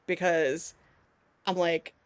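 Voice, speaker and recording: A woman's voice: fairly low pitch, flat delivery, takes it slowly, clear, resonant tone, no room sound. A woman co-hosting a podcast in casual chat, telling stories animatedly and laughing often. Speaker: podcast co-host.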